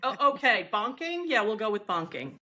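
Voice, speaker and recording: A woman's voice: a little high, sing-song, sharp tone. A woman chatting as a podcast guest, riffing playfully on the host's stories. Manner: playful, jokes and riffs back quickly. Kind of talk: casual chat.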